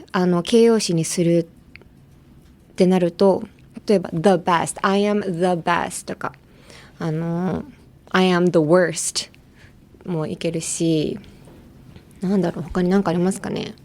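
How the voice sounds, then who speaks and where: A woman talking casually in a bilingual English lesson on a podcast, chatty and quick to laugh, slipping between English and Japanese. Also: lowish voice, fairly even intonation, darkish tone.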